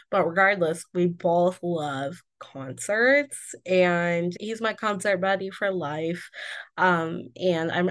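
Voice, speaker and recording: Woman, twenties, solo podcast host, bubbly and candid, slightly lower pitch, a bit congested from illness. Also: a bit bright. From Indiana, USA. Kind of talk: casual solo podcast chat.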